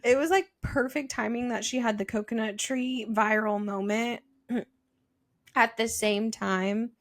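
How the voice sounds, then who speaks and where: A woman's voice: on the high side, fairly even intonation, takes it slowly. A young woman co-hosting a podcast, chatting casually and rambling with lots of filler words. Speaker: podcast co-host. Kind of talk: casual chat.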